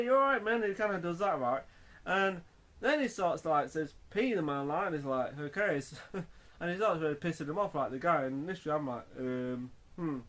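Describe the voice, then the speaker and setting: A man's voice: fairly high pitch, fairly bright tone. A man reviewing a film in a casual, rambling way, full of fillers and restarts.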